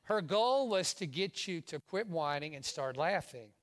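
Animated preacher man from Louisiana. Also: on the high side, measured pace. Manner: animated, swings from loud exclamations to hushed asides. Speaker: pastor. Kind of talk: sermon.

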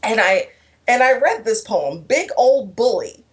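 A woman's voice: fairly high pitch, very animated, unhurried. A woman telling an emotional personal story in an interview, earnest, with restarts and quoted dialogue. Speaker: guest speaker.

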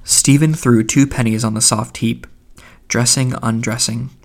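A man reading a literary novel aloud as an audiobook narrator, in a measured, even delivery. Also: medium pitch.

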